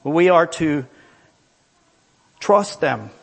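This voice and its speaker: A man's voice: fairly high pitch, expressive, very slow, creaky. A male preacher giving a sermon, emphatic and repetitive, reading scripture aloud.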